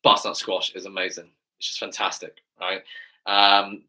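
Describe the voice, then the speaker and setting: Man, English accent, fitness coach, live stream chat, enthusiastic, slightly low pitch, bright forceful tone. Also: level tone, normal speed. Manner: enthusiastic, chatty, keeps adding "right?".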